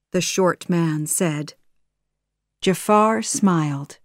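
A woman narrating a graded reader story, reading slowly and carefully for learners. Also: fairly low pitch, animated, dry recording, clean studio sound.

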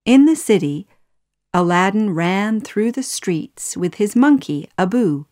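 A woman narrating a graded reader story, reading slowly and carefully for learners. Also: mid-range voice, lively intonation, darkish tone, no echo, studio quality.

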